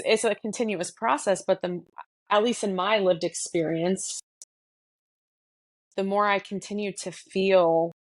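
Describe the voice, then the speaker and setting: A woman's voice: fairly low pitch, dry recording. A woman with a North Jersey accent, hosting a casual podcast chat in a reflective, searching way with many fillers. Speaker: podcast host.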